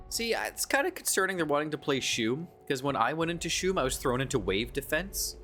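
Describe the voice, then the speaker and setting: A man's voice: a little high, sing-song, fairly quick, few pauses, fairly bright tone, a little hiss or hum. A man streaming a video game, giving casual, musing commentary and swearing freely. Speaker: gaming streamer.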